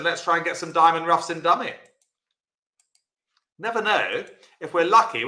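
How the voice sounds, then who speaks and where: A man's voice: on the high side, bright, forceful tone, roomy sound. A man teaching a live-streamed bridge lesson, chatty and encouraging, answering viewers by name.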